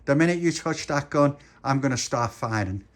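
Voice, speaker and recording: A man's voice: medium pitch, animated, normal speed, pitched above the performer's own voice, close to an everyday voice. A man voicing a blunt, threatening cowboy villain. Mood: menacing.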